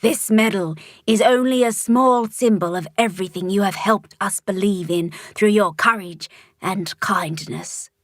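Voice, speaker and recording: A woman voicing a kindly female monster mayor with a low, growly voice, speaking slowly and solemnly in a storybook reading. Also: dry recording, clean studio sound, close to an everyday voice. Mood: gentle, solemn.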